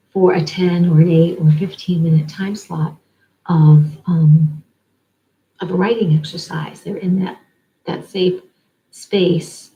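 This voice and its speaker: A woman's voice: on the low side, dark tone, low-quality recording. A woman giving an oracle card reading in a rambling way, stringing words together in long lists. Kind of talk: spiritual card-reading monologue.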